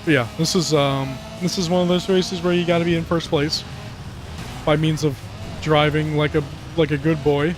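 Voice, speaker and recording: A man giving casual, profane commentary over a racing game, rambling and ranting with animated outbursts. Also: a little high, normal speed. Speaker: gaming commentator. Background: game music and car engines.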